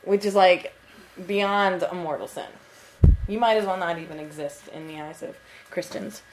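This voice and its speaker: A woman's voice: fairly low pitch, moderate pace, background noise. A woman in her twenties co-hosting a casual podcast chat, telling a story in a chatty way and swearing freely. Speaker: podcast co-host. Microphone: computer mic.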